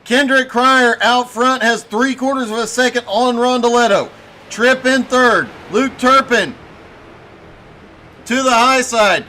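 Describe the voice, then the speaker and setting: High-pitched man calling a race. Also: sharp tone, a little hiss or hum. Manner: brisk play-by-play calling. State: losing his voice. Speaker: race commentator. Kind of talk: play-by-play commentary.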